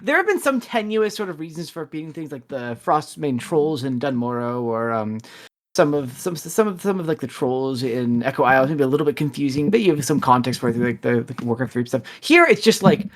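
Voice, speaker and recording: A man co-hosting a casual gaming podcast, animated, with frequent stammering restarts. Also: medium pitch, a little fast. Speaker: podcast co-host.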